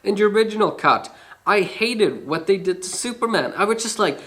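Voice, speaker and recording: A man's voice: sits high, lively intonation, normal speed, a bit bright. A man giving a casual, frank spoken film review, chatty and swearing now and then.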